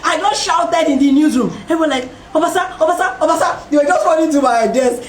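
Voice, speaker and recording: A woman hosting a talk, telling a personal story in a lively way and acting out the voices of other people. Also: sits high, fast talker, hardly any pauses, slight background noise. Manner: animated, acts out voices in her story, laughs often. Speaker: host. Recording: roomy and distant from the mic.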